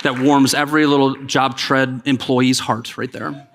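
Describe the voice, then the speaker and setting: A man giving a conference keynote, energetic and joking, calling on the crowd to respond. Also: medium pitch, normal speed, gravelly, heavy background noise. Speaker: keynote speaker. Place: large conference hall. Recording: long hall reverb.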